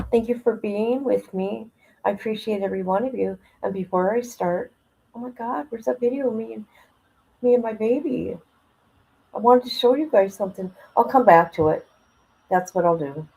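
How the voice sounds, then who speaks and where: A woman's voice: medium pitch, darkish tone, husky, low-quality recording. A woman hosting a casual livestream from home on her phone, rambling and emotional as she talks to her chat. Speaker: livestream host.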